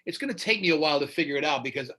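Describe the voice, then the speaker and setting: A man's voice: fairly high pitch, animated, rapid-fire, pushed and bright. A man in his fifties, a radio host being interviewed, talking bluntly and with animation in casual chat. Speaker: radio show host, guest.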